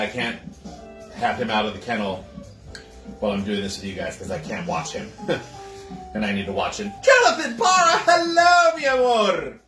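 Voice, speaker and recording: A man's voice: lowish voice, reverberant. A man hosting a casual livestream cocktail show from his home kitchen, chatting with viewers, greeting them by name and laughing often.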